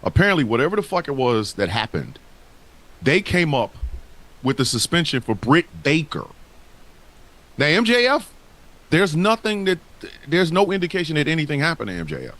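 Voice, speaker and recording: A man's voice: a little high, very animated, normal speed, long pauses, fairly bright tone. A man co-hosting a casual wrestling talk show, speaking in a heated, profane and emphatic way. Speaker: podcast co-host.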